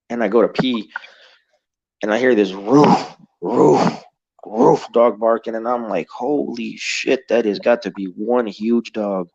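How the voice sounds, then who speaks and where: A man with a low, gravelly voice spins a long first-person story, loose and rambling, swearing often and leaning on fillers. The recording sounds dull and lo-fi. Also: a little mellow. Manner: rambling and profane, heavy on "you know" fillers. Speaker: guest telling an encounter story. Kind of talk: casual spoken storytelling.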